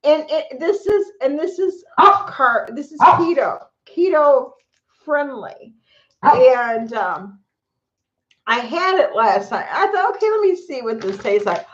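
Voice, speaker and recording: A middle-aged vlogger with a high, animated, slightly bright voice chats slowly on a live stream from home, addressing both viewers and her pets. It's captured on a phone or camera mic in an echoey room, giving a dull, lo-fi sound.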